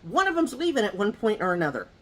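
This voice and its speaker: A woman's voice: medium pitch, very animated, fast, fairly bright tone. A woman vlogger chatting to her viewers while eating at home, telling rambling, gossipy stories full of asides. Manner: talks to viewers directly. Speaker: mukbang vlogger. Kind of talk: casual chat while eating.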